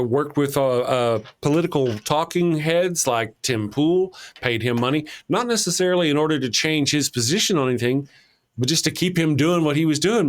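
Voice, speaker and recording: Man, podcast host, casual political chat, rambling, frequent restarts, slightly high voice.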